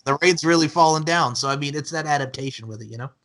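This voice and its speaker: A man's voice: fairly high pitch, fast talker, fairly bright tone. A man in his thirties from Long Island, hosting an interview in a casual, jokey way with many fillers. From Long Island, New York. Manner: chatty, jokey, heavy on fillers. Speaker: podcast host.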